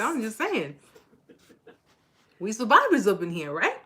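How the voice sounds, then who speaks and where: A woman's voice: fairly high pitch, huge pitch swings, unhurried, pauses often, fairly bright tone, slight background noise. A woman in her forties hosting a casual live-stream chat, bubbly and joking, laughing often. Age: 40s.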